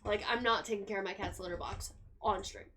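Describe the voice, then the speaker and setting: Packing up at home during a live stream, a young woman chats in a loose, rambling way and drops casual swear words. She speaks fairly quickly in a mid-range voice over constant background noise.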